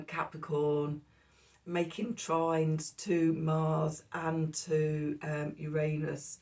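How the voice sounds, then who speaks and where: A woman with a low, unhurried voice talks through the day's astrology and tarot, losing her thread often and filling gaps with ums. A cough keeps catching her, and she sits a little back from the microphone. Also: mellow, far from the mic. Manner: rambling, self-interrupting, with fillers. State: coughing, hoarse. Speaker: tarot reader. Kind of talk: casual astrology and tarot talk.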